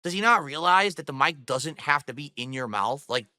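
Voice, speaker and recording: A man's voice: on the high side, animated, moderate pace, sharp tone, dry recording. A man streaming from his home studio, mocking and cursing at a rival while talking to his chat. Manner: mocking, profane, scornful; addresses viewers and chat directly. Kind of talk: livestream rant. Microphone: studio microphone on a boom arm.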